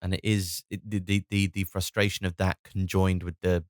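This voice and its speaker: A low-voiced comedian in his thirties talks through his solo podcast, worn out from lost sleep. He rambles, stalls on fillers and restarts, and swears with wry self-mockery, all on a close, dry mic. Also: level tone, moderate pace, no echo. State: tired from lack of sleep.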